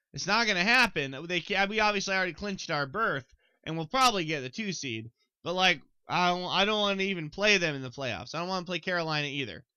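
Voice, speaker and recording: A young man with a twang rattles through a solo sports podcast in a bright, sharp voice that sits a little high. He is excitable, talks right to his listeners and swears freely. The sound is crisp and dry, close on the mic. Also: dry recording, poor audio. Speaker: podcast host.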